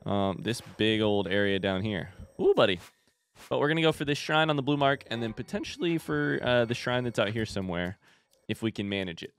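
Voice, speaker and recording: Lively, animated man doing gaming commentary. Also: medium pitch, a little fast, clean tone, faint music behind. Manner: animated, chatty, talks to game enemies and animals. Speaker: gaming video host. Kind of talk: casual let's-play commentary.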